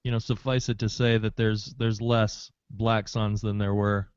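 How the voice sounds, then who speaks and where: A man's voice: on the low side, flat delivery, measured pace, smooth, no room sound, muffled recording. A man speaking as his character in a tabletop role-playing game, casual and joking, with a little swagger. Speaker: player.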